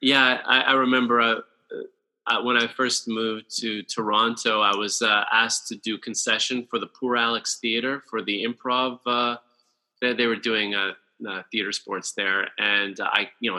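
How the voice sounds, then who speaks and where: A man with a strikingly bright, edged voice chats casually about films. He tells stories haltingly, stopping often to search for the next word. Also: fairly low pitch. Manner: halting, many uhs, storytelling. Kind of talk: casual film discussion, anecdotes.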